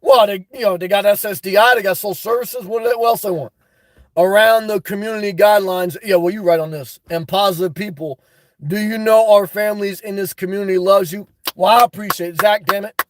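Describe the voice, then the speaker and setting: A man hosting a livestream from inside his car, reading out viewer comments and answering bluntly, often breaking into loud, laughing rants. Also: high-pitched, fairly even intonation, a little fast, dry recording, studio quality. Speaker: livestream host. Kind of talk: live-stream chat reading.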